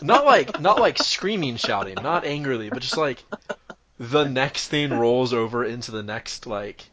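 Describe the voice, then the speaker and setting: A man's voice: medium pitch, expressive, measured pace, over a noisy crowd. A man narrating as game master in a tabletop game, with a rambling, loose delivery. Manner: rambling, full of fillers and restarts.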